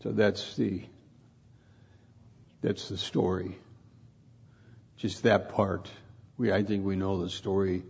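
A man preaches slowly in an informal sermon, his voice gravelly and husky. He pauses and restarts his words as he thinks aloud. The recording sounds dull and lo-fi. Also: low-pitched, flat delivery, darkish tone. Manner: halting, repeats and restarts words while reflecting.

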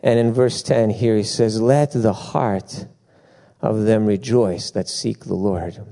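A middle-aged man preaching a sermon, telling lively stories with asides and bursts of laughter. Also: fairly low pitch, slow, gravelly. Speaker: pastor.

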